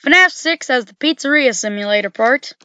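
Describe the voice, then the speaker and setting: Bright-voiced woman rambling about games. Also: high voice, expressive, normal speed, clean tone, no room sound. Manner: rambling, full of "you know" and self-corrections. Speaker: video game commentator. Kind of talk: casual game commentary.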